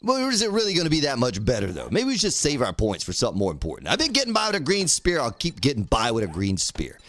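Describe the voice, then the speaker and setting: A man's voice: medium pitch, wildly swooping pitch, fast talker, fairly bright tone, no room sound, studio quality. A man casually commenting on his own gameplay on a live stream, talking to himself, swearing lightly, and thanking viewers by name. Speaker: game streamer.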